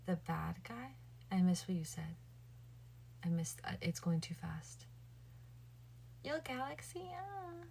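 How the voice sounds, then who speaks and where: A woman's voice: fairly low pitch, big pitch swings, slow, vocal fry, long pauses, darkish tone, a little hiss or hum. A woman livestreaming late at night, chatting casually with her viewers and thinking aloud. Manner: chatty, addresses her viewers and chat directly.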